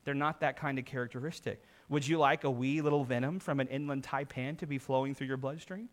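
A man's voice: mid-range voice, steady tone, brisk. A middle-aged man, a pastor, preaching an earnest sermon and rising in volume for emphasis.

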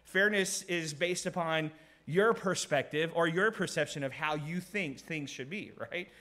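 Earnest male preacher, slightly high voice. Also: fairly bright tone. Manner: earnest, repeats key phrases, reads scripture aloud; frequent laughs and restarts. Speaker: pastor. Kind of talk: sermon.

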